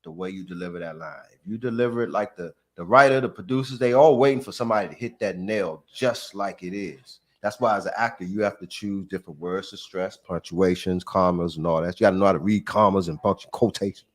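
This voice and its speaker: A man's voice: low voice, fast talker, few pauses. A man hosting a casual chat, explaining acting in a laid-back, earnest way.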